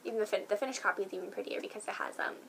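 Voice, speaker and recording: A young woman talks in a casual vlog, bubbling with excitement and peppering her speech with fillers. Her voice carries a gravelly vocal fry at a middle pitch, over a faint background hiss. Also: racing, poor audio. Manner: gushing, excitable, many fillers. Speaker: book vlogger.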